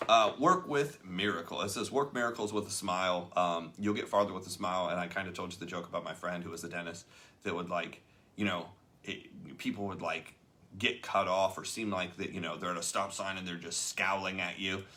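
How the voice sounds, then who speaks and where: Low-pitched and steady in tone, this man speaks fairly quickly with a pushed, bright sound. He's a chatty talk-show host discussing a leadership book, telling a story while acting out the quoted voices.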